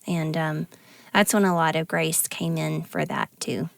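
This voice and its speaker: A woman's voice: low voice, measured pace, gravelly, dry recording. A woman co-hosting a podcast, telling personal stories in a casual, chatty way with many fillers. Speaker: podcast co-host. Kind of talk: casual conversation.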